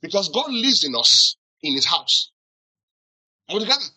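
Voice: mid-range voice, very animated, normal speed, pushed and bright, slightly rough, low-quality recording. A pastor preaching a sermon who keeps asking the congregation questions to answer back and teases them with acted-out examples. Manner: teasing humor with acted-out examples.

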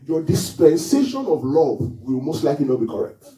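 A man preaching to a congregation, his fairly high voice leaping up and down with each point. His tone is mellow and dark, and he keeps asking the room questions. He is heard from some distance in a roomy, echoing hall. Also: sing-song, brisk, soft background music. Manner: questions the congregation often, call and response. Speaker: pastor. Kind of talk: sermon. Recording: echoey hall, mic far off.

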